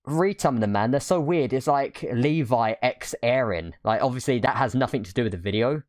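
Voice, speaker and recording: A relaxed young man explains things on a podcast in easy, profanity-laced chat, his phrases sinking low as they trail off. His voice sits at a middling pitch and is recorded close and dry. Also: a little fast, no echo. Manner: laid-back, swears casually, trails off low at phrase ends. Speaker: podcast co-host.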